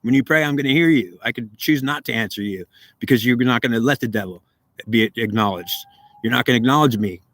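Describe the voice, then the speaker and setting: A domineering male devil who claims to be god of this world, as a man puts him on. He talks in a threatening, insistent way and demands to be acknowledged. The voice sits at a middle pitch with a dry, close sound. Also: fast, fairly bright tone, no echo, close to an everyday voice. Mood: menacing.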